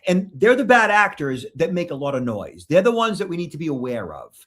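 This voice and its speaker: Middle-aged Boston guy, plain-spoken and emphatic, slightly high voice. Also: very animated, a little fast, fairly bright tone. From Boston, Massachusetts. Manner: blunt, emphatic, repeats "okay?". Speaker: guest, security expert. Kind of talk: interview answers.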